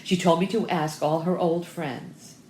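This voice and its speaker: A woman reading aloud, voicing an eager, fussy young gentleman who delivers his news briskly. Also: fairly low pitch, fairly even intonation, a little hiss or hum, natural voice. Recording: roomy echo.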